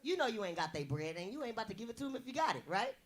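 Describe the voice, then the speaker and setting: A young woman from the US West Coast doing a brash, bawdy stand-up comedy routine with a big voice and loud punchlines. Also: fairly high pitch, big pitch swings, very fast.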